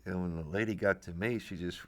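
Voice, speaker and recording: A man's voice: low voice, fairly even intonation, quick pace. A middle-aged man telling rambling stories in a casual interview. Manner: rambling storyteller with restarts and laughs. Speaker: actor, interviewee.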